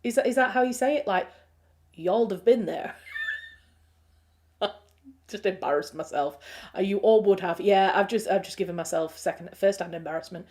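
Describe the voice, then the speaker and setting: A woman with a Yorkshire accent chats loosely on a livestream, reading comments aloud and drifting between thoughts. She laughs often and keeps a relaxed, conversational flow, with a voice of middling pitch. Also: moderate pace, long pauses. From Yorkshire, England. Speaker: writer hosting a livestream.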